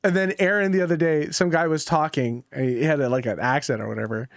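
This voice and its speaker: A man's voice: a little high, fairly even intonation, fast talker, gravelly, no room sound, studio quality. A man co-hosting a podcast, chatting casually about games, laid-back, laughing often and swearing. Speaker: podcast co-host. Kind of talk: casual gaming chat.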